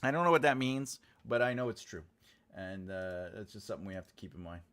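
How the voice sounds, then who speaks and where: A writing teacher runs a live class, bantering casually with his audience, rambling with frequent filler sounds, and replying aloud to chat comments. He has a lowish, expressive voice with a fairly bright tone, and he speaks fairly quickly.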